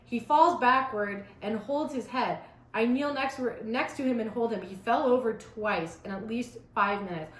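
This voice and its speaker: Teen girl vlogger, high-voiced, sarcastic asides, roomy sound. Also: normal speed, fairly bright tone. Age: teenager. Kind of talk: reading aloud with commentary. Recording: roomy echo.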